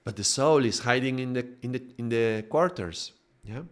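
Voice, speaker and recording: A man's voice: mid-range voice, normal speed. Chatty man teaching with tag questions. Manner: conversational, restarts, frequent tag questions. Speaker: spiritual teacher. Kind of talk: informal spiritual lesson.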